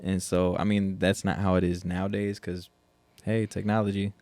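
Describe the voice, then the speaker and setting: A young podcast co-host with a low, level, slightly mellow voice speaks at a moderate pace with no room sound. Laid-back and laughing often, he reads a whiskey label aloud during a casual tasting chat.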